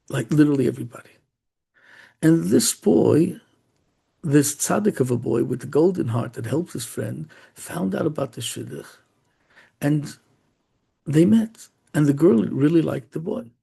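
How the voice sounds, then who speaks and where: Brief: animated rabbi storyteller, slightly high, dark, gravelly voice. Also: male voice, moderate pace. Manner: animated, acts out quotes, Yiddish and Hebrew terms. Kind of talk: sermon storytelling.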